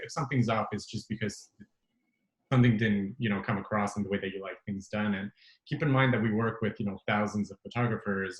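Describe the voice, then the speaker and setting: A man hosting a webinar round table, calmly explaining over a video call. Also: lowish voice. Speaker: host. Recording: echoey room.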